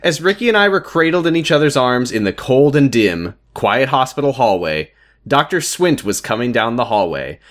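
A man's voice: medium pitch, very animated, normal speed. A man co-hosting a podcast, reading fan fiction aloud with mock drama, laughing often and swearing in the asides. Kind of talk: comedic read-aloud with banter.

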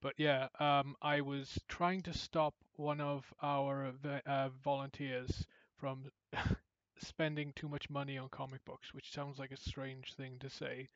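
A podcast co-host with a mid-range voice takes his time, speaking unhurriedly with few pauses. The sound is dry, dull, and lo-fi with no room sound, and he chats casually, bringing his stories to life by acting out what people said.

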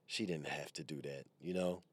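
A husky, extremely deep-voiced man speaks at a moderate pace with fairly even intonation from his parked car. He rambles into the microphone in a loose, profane monologue full of wisecracks, like a comedian riffing on his podcast.

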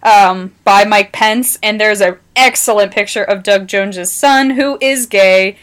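A podcast co-host in casual chat, telling stories with quick asides. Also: medium pitch, fairly bright tone.

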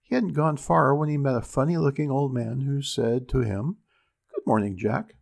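A man reading classic fairy tales aloud in a steady, unhurried storybook narration. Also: medium pitch, gravelly.

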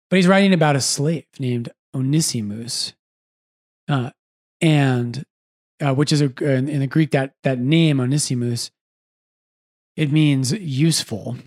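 A man who is a priest and podcast host, chatting casually and with animation, often breaking off to correct himself. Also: medium pitch. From United States. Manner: animated, quick asides, self-correcting.

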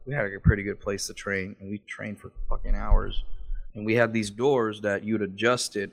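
A man in his thirties on a video call, telling stories in a casual, profane way and often breaking into laughter. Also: lowish voice. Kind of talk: casual chat.

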